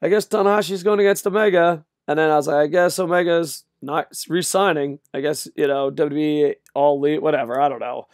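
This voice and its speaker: A man's voice: a little high, fairly even intonation, brisk, hardly any pauses, a little mellow, no echo, studio quality. An older man ranting, exasperated and sarcastic, with frequent profanity, in a solo video. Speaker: wrestling commentator.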